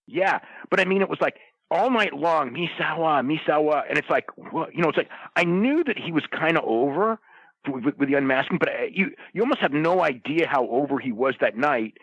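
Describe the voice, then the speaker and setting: A man chatting on a podcast roundtable, rambling through a memory with restarts and fillers. His voice sits at a middle pitch. The sound is dull and lo-fi, dry with no room around it. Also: animated, brisk, a bit bright, husky, dry recording. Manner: rambling, lots of restarts and "you know". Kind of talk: casual chat.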